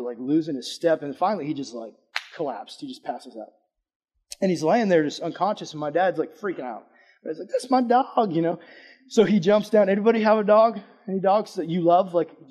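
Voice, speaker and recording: Slightly rough, a little high and a little fast, this man's voice carries a relaxed sermon full of audience questions and a personal anecdote. His manner is animated, moving from loud, emphatic points to soft asides.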